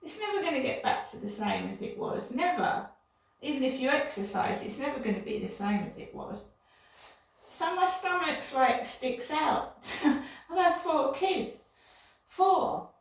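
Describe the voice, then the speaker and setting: Her voice sits high with lively intonation and an unhurried pace as this older woman vlogs, indignant and digressive, circling back to the same points again and again. The room echoes, and she is far from the mic.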